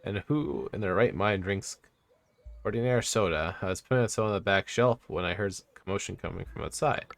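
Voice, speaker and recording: A man's voice: deep voice, creaky. A man streaming himself as he reads a narrative game aloud, stumbling now and then and breaking off to comment. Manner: halting reading with stumbles and asides.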